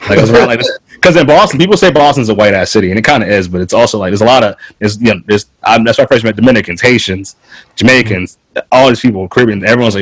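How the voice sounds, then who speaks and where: A young man from North Carolina telling stories in casual chat, animated, laughing often and swearing freely. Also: fairly low pitch, very fast, no echo, poor audio.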